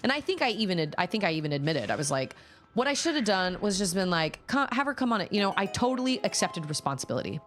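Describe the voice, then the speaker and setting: Lively, low-pitched woman streamer rambling. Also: quick pace. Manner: rambling, self-conscious, many restarts. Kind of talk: casual storytelling while playing a game.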